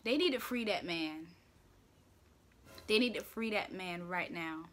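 Heavy background noise surrounds a young woman doing her own casual talk show from home. She speaks a little slowly in a lowish voice, chatty, playful and opinionated, dropping slang and filler words as she goes.

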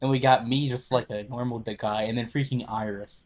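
A man's voice: medium pitch, brisk. A man hosting and recording a gaming session, chatting playfully with friends. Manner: playful, animated, goofy outbursts. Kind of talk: casual gaming chat. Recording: noisy voice chat recording.

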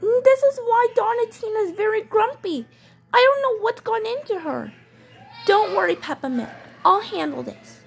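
A woman voicing a calm, helpful young girl doll who talks slowly and reassuringly, in toy play storytelling. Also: very high voice, creaky, faint music behind, heavily acted. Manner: reassuring, slow and patient.

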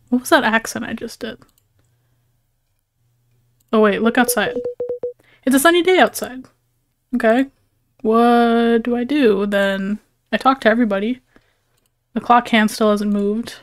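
A woman's voice: on the high side, measured pace, pauses often, noisy background. Wry woman commenting on a game. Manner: wry and joking. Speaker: gaming streamer. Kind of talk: casual gameplay commentary. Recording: game music behind.

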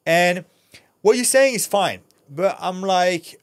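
Slow and animated, this middle-aged man's high voice carries no room sound at all. An actor and former fighter, he's a podcast guest talking frankly and intensely in a blunt way, with plenty of swearing.

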